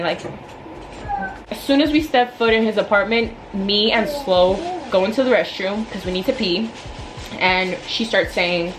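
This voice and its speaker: A woman in her twenties telling a storytime vlog in a chatty, animated way, full of "like" and asides. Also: on the high side, normal speed, background noise. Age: 20s. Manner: animated, chatty, filler-heavy. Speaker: vlogger. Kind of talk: casual storytime.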